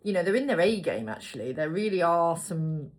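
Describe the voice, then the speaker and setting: A woman's voice: lowish voice, big pitch swings, a little fast. A woman giving a casual tarot reading to her viewers, chatty and rambling, with spoken asides while she picks cards. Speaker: tarot reader.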